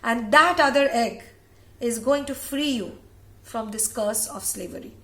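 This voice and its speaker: Woman doing an angry newborn boy cursing his mom, commanding, a bit high, echoey room. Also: lively intonation, a little slow, a bit bright. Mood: stern. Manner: angry, commanding, repeats itself. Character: furious half-formed newborn boy cursing his mother.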